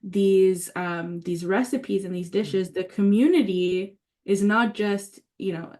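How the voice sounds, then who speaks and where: A woman teaches a community writing workshop in an eager, conversational way. She thinks aloud, circles back with fillers and restarts, and keeps her pitch at an ordinary middle level. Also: fairly even intonation, slow pace, warm tone. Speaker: workshop leader.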